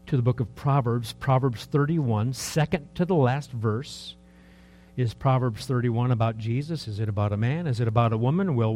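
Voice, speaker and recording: A man in his early sixties preaching a sermon in a conversational, rambling way, full of rhetorical questions, dropping to soft asides and rising for emphasis. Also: medium pitch. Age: 60s. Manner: lively, swings between soft asides and raised emphasis. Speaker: pastor.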